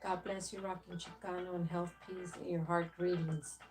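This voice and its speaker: A woman with a lowish voice reads viewer comments aloud on a livestream, pausing hesitantly between them. Music plays clearly behind her. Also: level tone, darkish tone. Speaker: co-host reading viewer comments. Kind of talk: reading chat comments aloud.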